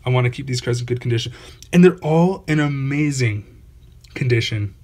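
A man's voice: medium pitch, fairly quick, darkish tone. A man hosting his own channel, giving casual unboxing commentary, awestruck and repeating exclamations over and over. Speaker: channel host opening trading card packs.

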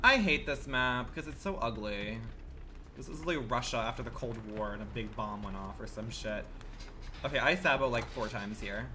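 A man's voice: medium pitch, normal speed, bright, forceful tone, a little hiss or hum. A man streaming a game live, talking to his viewers in a dramatic, exclamatory and profane way. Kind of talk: casual live gaming commentary.

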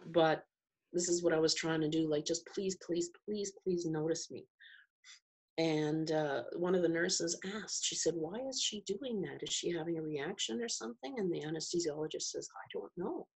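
A middle-aged woman telling a personal story as a podcast guest, slow and reflective, pausing and restarting as she searches for words. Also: darkish tone. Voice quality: low, husky voice with gravelly fry. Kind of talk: personal testimony in an interview.

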